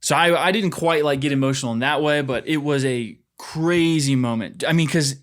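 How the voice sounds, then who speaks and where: A man's voice: a little high, normal speed. A man co-hosting a podcast, talking casually about a film and acting out his own reactions. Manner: animated, acts out his own reactions in quotes. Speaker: podcast co-host. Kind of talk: casual film review chat.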